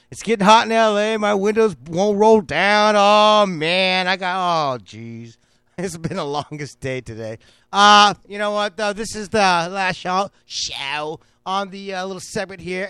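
A man hosting a comic cooking show, loud and rambling as he jokes through a recipe. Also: high voice, unhurried, smooth, dry recording.

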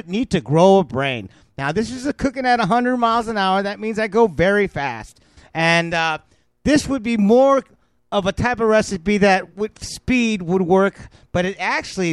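Male podcast host, brash and insulting, high voice, dry close sound. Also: no room sound. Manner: loud, mocking, insulting the listeners. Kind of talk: brash comedic cooking podcast chat.

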